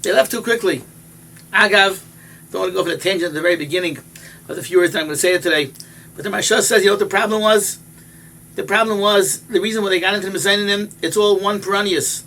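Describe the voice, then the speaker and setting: A man's voice: sits high, quick pace, sharp tone, slight background noise. A man, a rabbi and yeshiva head, giving a sermon as emphatic storytelling that repeats key phrases.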